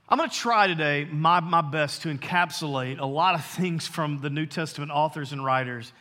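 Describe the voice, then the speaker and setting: Male pastor preaching in a church, higher voice, punchy and earnest, slows to hammer points home, reverberant hall sound. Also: sharp tone. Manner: earnest, emphatic preaching with slowed, stressed phrases. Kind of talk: sermon. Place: church sanctuary.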